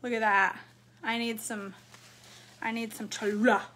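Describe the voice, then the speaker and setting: Chatty woman doing a cooking vlog, higher bright voice, talks back to commenters as she eats. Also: flat delivery, measured pace. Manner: chatty, talks to viewers while eating. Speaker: cooking vlogger. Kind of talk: casual cooking vlog chat.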